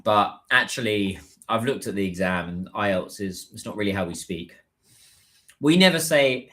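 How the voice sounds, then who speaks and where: A man's voice: on the low side, lively intonation, moderate pace, bright, forceful tone. A British man chatting casually on a phone livestream, reading out and answering viewer comments.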